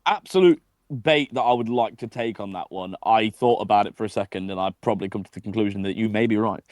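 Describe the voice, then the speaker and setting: A man's voice: on the low side, fast, darkish tone, dry recording, clean studio sound. A man co-hosting a film podcast, chatting in a sweary, rambling, riffing way. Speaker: podcast co-host. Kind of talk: casual chat.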